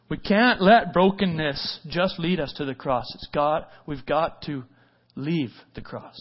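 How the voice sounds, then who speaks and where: A man with a notably high voice preaches a sermon, pressing his listeners with repeated rhetorical questions. He swings between loud, urgent stretches and hushed, quiet ones. The recording is dull and lo-fi. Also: unhurried. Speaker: pastor.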